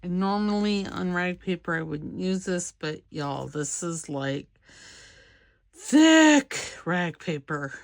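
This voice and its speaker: A woman crafting a junk journal, talking quietly and rambling to herself as she works. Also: fairly low pitch, fairly even intonation, a little slow, vocal fry, hardly any pauses, no echo. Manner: quiet, rambling, talks to herself while working. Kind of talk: casual crafting vlog narration.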